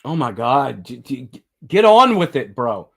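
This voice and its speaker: A man hosting a casual livestream, talking back at the screen and breaking into laughter and shouts. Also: medium pitch, very animated, measured pace, creaky, breathy edge. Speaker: livestream host.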